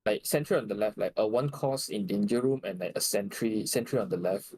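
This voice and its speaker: A guest co-caster from Malaysia or Singapore talks through plays during a live esports match. His voice is on the low side, fairly quick and a little mellow, with slight hiss or hum, and his hesitant, analytical delivery is full of "like" fillers.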